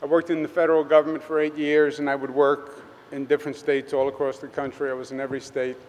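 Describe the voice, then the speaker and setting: A man with a Queens New York accent, a state governor giving a conversational public speech at a press event, halting with many fillers. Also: a little high, level tone, a little mellow. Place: public event at a tunnel site. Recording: long reverb, faint background noise.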